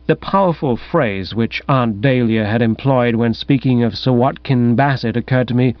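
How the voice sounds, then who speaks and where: A man narrating a comic first-person story in a wry, animated storytelling manner. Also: medium pitch, measured pace, few pauses, no room sound. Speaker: audiobook narrator. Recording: dull, dry recording.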